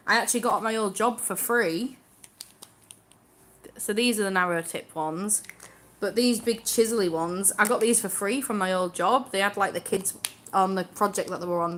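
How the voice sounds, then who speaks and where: Young woman, casual live-stream host, giggly and chatty; mid-pitched voice, faint background noise. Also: a bit bright. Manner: chatty, giggly, reads viewer comments aloud while crafting. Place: at home.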